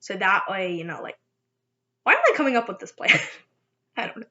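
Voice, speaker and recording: A woman's voice: medium pitch, wildly swooping pitch, moderate pace, bright, forceful tone. A young woman chatting casually in an eating vlog, rambling and giggling at herself, with a dull lo-fi recording. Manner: giggly, rambling, self-teasing. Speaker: vlogger. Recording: dull lo-fi sound.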